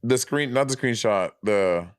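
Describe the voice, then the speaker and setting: A man in his thirties co-hosting a podcast, chatting casually with animated, quick reactions. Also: mid-range voice, smooth, no echo. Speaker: podcast co-host. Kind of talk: casual chat.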